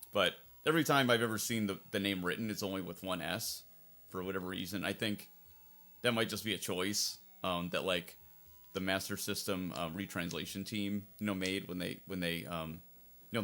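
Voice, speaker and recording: Low gravelly man in rambling commentary. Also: a bit bright. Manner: rambling and conversational, circling back on his points. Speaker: fan translator commentating a playthrough. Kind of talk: casual let's-play commentary.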